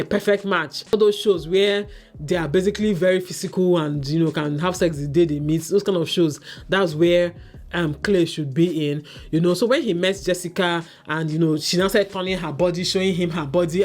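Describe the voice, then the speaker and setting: A woman's voice: fairly low pitch, a little mellow. Woman ranting about a dating show, exasperated, quotes people mockingly. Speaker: reality TV reviewer. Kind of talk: casual opinionated review.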